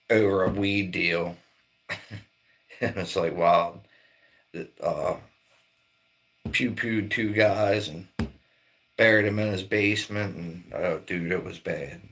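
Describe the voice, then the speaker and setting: Gravelly middle-aged man chatting casually. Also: deep voice, fairly even intonation, slow pace, long pauses, fairly bright tone. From Maryland, near Baltimore. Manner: rambling, laid-back, swears a lot. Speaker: livestream host. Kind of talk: casual livestream chat.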